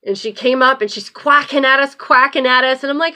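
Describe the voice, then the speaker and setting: Woman host telling a story, kinda high, punchy bright voice, swears a lot, super animated. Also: fairly quick. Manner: animated, blunt, swears freely. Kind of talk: casual storytelling.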